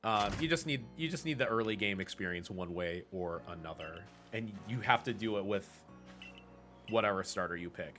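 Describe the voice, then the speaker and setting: A man's voice: on the low side, lively intonation, normal speed, over music. A man from the Pacific Northwest explaining game routing at length during a live speedrun stream, with fillers and self-corrections. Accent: American, Pacific Northwest. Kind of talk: casual live-stream commentary while gaming.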